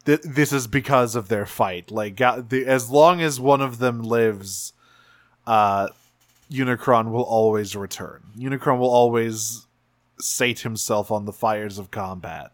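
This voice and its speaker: A man's voice: medium pitch, measured pace, dry recording. A man chats casually on a podcast, rambling through a recap with plenty of fillers and restarts. His mid-range voice comes through a close, dry mic with no room sound. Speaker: podcast co-host recapping a cartoon series. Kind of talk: casual chat.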